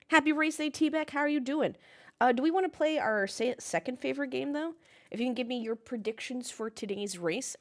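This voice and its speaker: A young woman casually chatting on a livestream, reading chat comments and ranting with the odd swear word. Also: a little high. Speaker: livestream host watching a race with chat. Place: home, in Melbourne.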